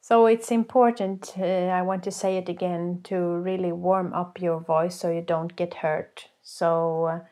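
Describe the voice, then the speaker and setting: A woman's voice: lowish voice, level tone, a little slow, few pauses, warm tone. A woman vocal coach teaching a folk singing workshop, explaining exercises patiently with sung demonstrations.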